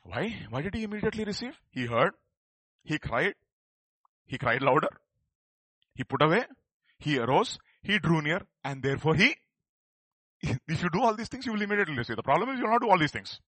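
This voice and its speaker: A man preaching, his voice bright and forceful and a little high for a man. He swings from loud, emphatic calls to hushed asides and keeps urging the congregation to answer back. The sound is dry and close, with little room echo. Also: very animated, a little fast, long pauses, breathy edge. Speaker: pastor. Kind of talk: sermon. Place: church service.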